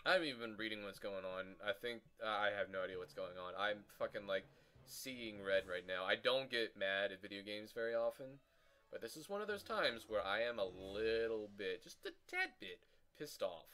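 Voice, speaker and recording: A young man swearing and ranting furiously as he comments on his own gameplay, breaking into shouted insults. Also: fairly low pitch, moderate pace, soft background music. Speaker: gaming channel host.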